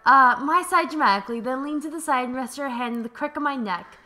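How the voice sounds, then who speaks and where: A young woman hosting a let's play, reading a visual novel aloud in an animated, playful way with jokes and swearing. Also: high-pitched, fast, music in the background.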